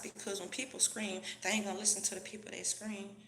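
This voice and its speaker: A woman's voice: mid-range voice, little pitch movement, quick pace, vocal fry, a bit bright, echoey room, slight background noise. A woman vlogger delivering a profane, preachy, heated rant straight to her camera. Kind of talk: ranting commentary to camera.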